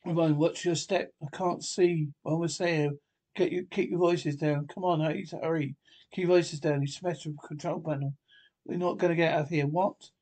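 Male solo reader, raised pitch and a breathy edge, performs every part of a tense script with urgency. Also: fairly even intonation, moderate pace, a little mellow. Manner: urgent, acts out every character himself. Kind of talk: one-man reading of a film script.

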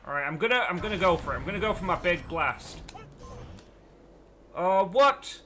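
A young man commenting live on the baseball game he is playing, excitable and often breaking into shouts. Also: on the high side, very fast, a crowd in the background. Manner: excitable, swings into shouting at plays. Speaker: let's play gamer.

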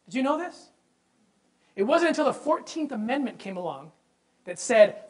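A man giving an impassioned lecture on religious history. He speaks emphatically, asks the audience rhetorical questions and repeats words when he gets excited. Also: very high voice, normal speed, long pauses, rough recording. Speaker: presenter.

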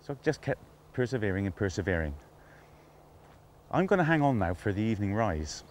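A man's voice: lowish voice, very animated, a little fast, slight background noise. Enthusiastic man presenting outdoors. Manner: enthusiastic, admiring, talking half to himself. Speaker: fly fishing instructor and show presenter. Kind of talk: casual outdoor presenting to camera. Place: outdoors on a riverbank.

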